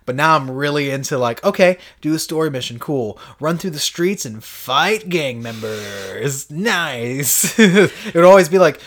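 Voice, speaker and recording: Male podcast co-host, casual storyteller with a swinging, lively pitch; swears a lot and acts out scenes. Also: measured pace, few pauses. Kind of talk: casual gaming podcast chat.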